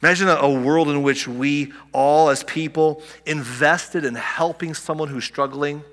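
A man preaching a sermon in a conversational way, restarting phrases and dropping softly on key words. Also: fairly high pitch, steady tone, measured pace, long reverb tail. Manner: conversational preaching with restarts and soft dramatic drops. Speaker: pastor.

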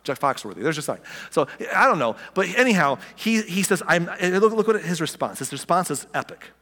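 A male pastor preaching in a casual, animated way, cracking jokes and acting out the people in his story. His voice sits a little high and rings out with a long hall reverb. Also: fairly quick. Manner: animated, joking, acts out quotes. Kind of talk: conversational sermon.

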